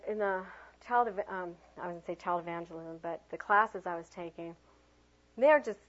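A woman teaching a workshop on children's ministry, telling lively stories and acting out quoted voices in a high bright tone. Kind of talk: workshop talk. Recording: dull lo-fi recording.

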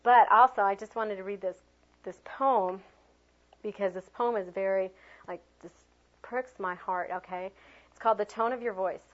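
A woman leading a teaching workshop, animated and chatty, swinging her voice high and low to demonstrate tone and prompting the group with lots of fillers. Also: normal speed. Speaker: teacher trainer. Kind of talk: classroom workshop talk. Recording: dull lo-fi room recording.

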